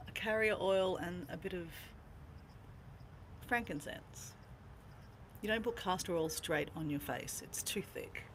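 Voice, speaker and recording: A woman's voice: medium pitch, slight background noise. An Australian woman chatting casually on a livestream from her camper van, playful and talkative as she greets viewers. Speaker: vlogger greeting live viewers.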